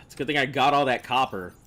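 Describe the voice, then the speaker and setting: A man's voice: medium pitch, sharp tone. An American man giving casual, rambling commentary while playing a video game, chatting with viewers and laughing at his own jokes. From United States. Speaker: streamer.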